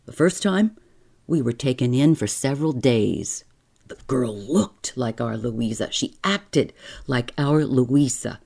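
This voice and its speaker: A woman reading a gentle earnest father. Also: extremely low pitch, gravelly, breathy edge, full character voice. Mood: earnestly reasoning. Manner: calm, measured and reasoning.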